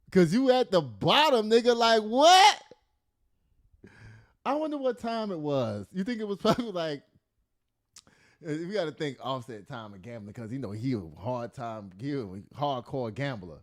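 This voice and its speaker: A man hosting a casual celebrity gossip show, reading news aloud with animated, profane commentary and frequent laughter. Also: high voice, measured pace. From the Bronx. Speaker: podcast host.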